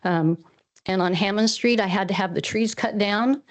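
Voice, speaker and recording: A woman's voice: medium pitch, moderate pace. A woman farmer from Washington State giving public comment at a council meeting, earnest and rambling, audibly emotional. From Washington State, USA. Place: council chamber.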